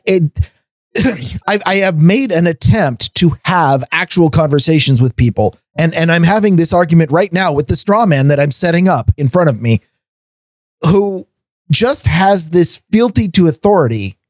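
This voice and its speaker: A man's voice: on the high side, no room sound. A middle-aged man co-hosting a podcast, ranting in casual chat, often stammering on restarts. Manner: ranting, stammers on restarts, laughs between points. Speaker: podcast co-host.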